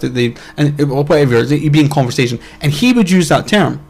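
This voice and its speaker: A man's voice: on the high side, animated, quick pace, a little mellow, husky. A young Scottish man co-hosting a podcast, telling stories in a rambling way with lots of restarts. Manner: rambling storyteller, many restarts. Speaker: podcast co-host. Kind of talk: casual chat.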